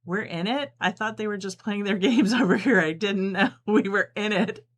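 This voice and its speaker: Sewing during a relaxed live stream, this middle-aged woman from New Jersey chats, laughs a lot and reads out comments from viewers. She speaks at medium pitch and normal speed.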